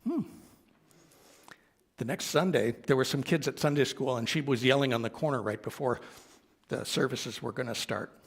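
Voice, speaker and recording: A minister telling a gentle anecdote in a sermon, quoting the people he met along the way. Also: medium pitch, a little fast, husky. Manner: gentle anecdotal storytelling with quoted dialogue. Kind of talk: storytelling sermon.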